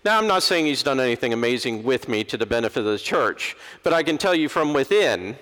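A middle-aged man, an Episcopal preacher, giving a lively sermon and acting out the people he quotes. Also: mid-range voice, brisk. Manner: animated, acts out quoted voices. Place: large church. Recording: long church reverb.

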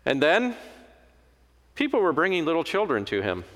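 A man's voice: on the high side, huge pitch swings, normal speed, a bit bright. A man preaching a sermon in a conversational, storytelling manner. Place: church. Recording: long hall reverb.

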